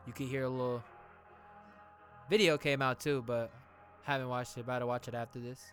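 A man reacting to a new song in a casual, excitable, slangy way, thinking out loud as he listens. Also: mid-range voice, a little fast. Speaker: music reaction vlogger. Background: music playing.

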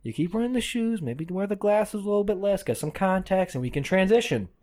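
A man's voice: sits high, lively intonation, a little fast, darkish tone. A man playing a foul-mouthed, bossy male mob boss in a comedy bit, swearing and barking orders. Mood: coaxing. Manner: swearing, barking, mock-tough.

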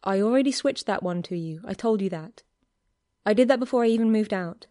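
A shy young man, soft-spoken and a little awkward, picking his words with care, read by a woman narrating a story. The pitch sits in the middle and the sound is dry and near. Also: a little fast, dry recording, close to an everyday voice. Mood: tense. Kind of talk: audiobook character reading.

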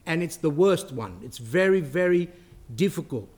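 A man's voice: on the high side, animated, normal speed, darkish tone, husky. A middle-aged man, a priest, giving a spiritual talk in a conversational way, with restarts and asides.

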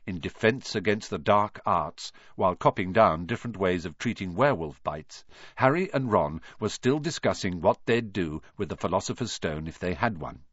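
A man reading a storybook aloud as narrator, in an expressive, animated way. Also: sits low, normal speed, dry recording, lo-fi sound. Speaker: audiobook reader.

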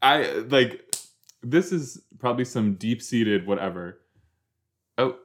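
Unhurried, chatty young man reacting. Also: medium pitch, expressive. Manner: chatty, self-deprecating, rambling with fillers. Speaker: podcast host. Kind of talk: casual watch-along commentary.

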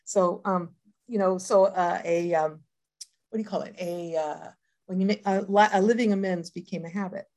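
A woman's voice: fairly low pitch, fairly even intonation, moderate pace, a little mellow. Rambling older woman sharing her habits. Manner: rambling, lots of hesitant fillers; earnest and reflective. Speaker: recovery group member. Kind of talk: personal sharing talk.

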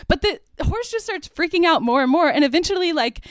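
A woman's voice: very high voice, animated, fairly quick, few pauses, dry recording. A young woman hosting a podcast, casually retelling a movie plot in a chatty way, full of "like" and little laughs. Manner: chatty, heavy use of "like", laughs while retelling. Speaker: podcast host.

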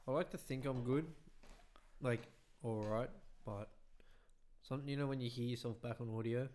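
Casting: relaxed young man, easy laugh, casual profane chat. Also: medium pitch, normal speed. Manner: laid-back, laughs easily, swears.

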